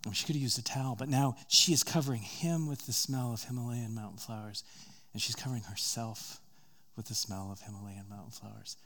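Guy preaching, chatty storytelling sermon, gets loud then goes quiet and slow. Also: fairly even intonation. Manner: storytelling, rising in pitch and volume at dramatic moments, dropping soft and slow.

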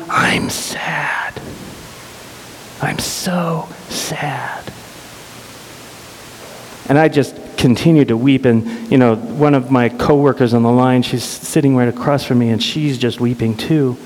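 A middle-aged man telling an emotional personal story earnestly, often halting and repeating words. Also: medium pitch, dark tone. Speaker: speaker sharing a personal story. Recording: reverberant hall with faint hiss.

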